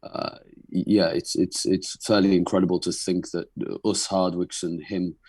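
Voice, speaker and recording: A man's voice: low voice, level tone, moderate pace, a little mellow, no room sound. A young man from Carlisle with a Cumbrian accent, talking earnestly as a guest in a casual interview, with frequent restarts. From Carlisle, England. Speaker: band frontman, guest.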